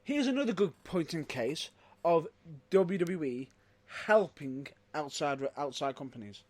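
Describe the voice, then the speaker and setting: A man co-hosting a casual chat show, excitable, with loud outbursts and rapid rambling asides. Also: on the high side, dry recording. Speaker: podcast co-host.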